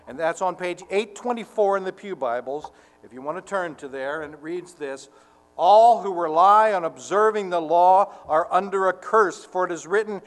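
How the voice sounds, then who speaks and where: Male pastor, high voice, unhurried fervent sermon delivery, long church reverb. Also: fairly bright tone. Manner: earnest, slow and deliberate, swelling to fervent emphasis.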